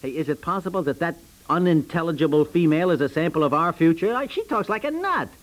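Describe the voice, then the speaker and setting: An actor playing a fussy, easily flustered middle-aged husband in a 1950s radio comedy, sputtering and indignant. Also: male voice, a little high, very animated, fast talker, low-quality recording.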